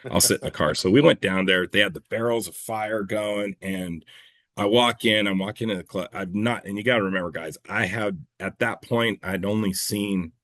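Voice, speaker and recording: Low-voiced male guest, loose and rambling storyteller, swears casually, dry close mic. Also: steady tone, moderate pace, a bit bright, dry recording. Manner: rambling, self-correcting, swears freely, laughs at own stories. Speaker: clay shooting competitor and coach, guest.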